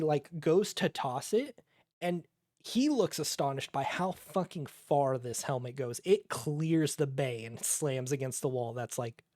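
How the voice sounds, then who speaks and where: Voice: medium pitch, a little mellow, no echo, studio quality. A game master narrating a tabletop game in a casual, profane way, full of fillers and restarts.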